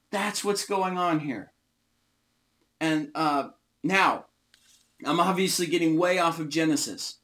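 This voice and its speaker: A man teaching an informal Bible study, explaining words slowly and stressing single words. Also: a little high, sharp tone. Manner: slow, emphatic, often stressing single words.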